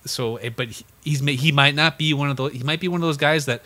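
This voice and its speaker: A man's voice: fairly high pitch, fast, pushed and bright. A young man co-hosting a casual sports podcast, rambling and restarting his sentences, swearing freely. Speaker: podcast co-host.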